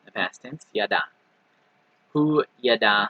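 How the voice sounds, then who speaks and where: A man with a bright, forward, slightly husky voice teaches a language lesson in a patient, repetitive way. He checks in often with "right?" and "okay." The recording is dry and a little dull. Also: lowish voice, expressive, dry recording. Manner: patient, repeats example words slowly with many "right?" and "okay". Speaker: Hebrew teacher.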